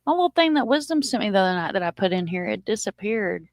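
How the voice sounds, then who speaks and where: A woman's voice: medium pitch, big pitch swings, fast, no echo. A woman hosting a livestream, chatting loosely with jokes and casual swearing. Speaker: channel host.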